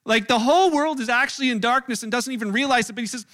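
Male pastor with a high, bright, forward voice; animated sermon storyteller. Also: quick pace. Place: church room.

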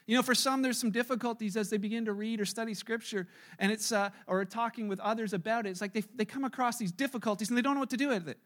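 A middle-aged man preaches a sermon in a loose, conversational way and slips into the voices of the people he quotes. His speaking voice sits unusually high for a man. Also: fairly even intonation, fast talker, fairly bright tone. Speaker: pastor.

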